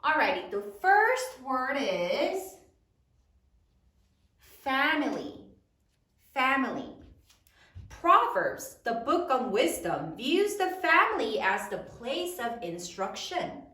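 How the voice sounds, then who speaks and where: Woman teacher, spelling lesson; lively high delivery, slow careful sounding-out, a bit far from the mic. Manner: slow, drawn-out dictation, sounding out words. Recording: echoey room, mic at a distance.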